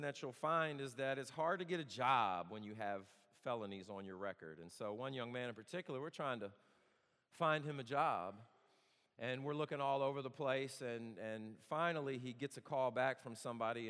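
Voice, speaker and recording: A man's voice: medium pitch, a little fast, fairly bright tone. A man in his thirties giving a storytelling sermon, conversational and earnest with touches of humor. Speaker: campus worship speaker. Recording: long hall reverb.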